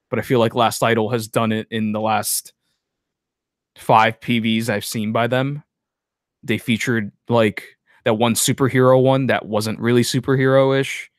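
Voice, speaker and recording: Guy cohosting a podcast, blunt and chatty, dry close sound, middle pitch. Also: dry recording. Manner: blunt, opinionated, chatty with fillers. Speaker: podcast co-host. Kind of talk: casual chat reviewing music videos.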